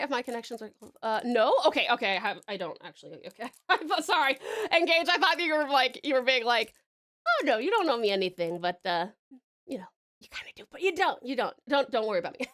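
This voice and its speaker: A woman's voice: a little high, sing-song, brisk, a bit bright. A young woman from Australia chatting casually with her live-stream viewers while she works, giggling often. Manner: chatty, giggly, talks to chat while working.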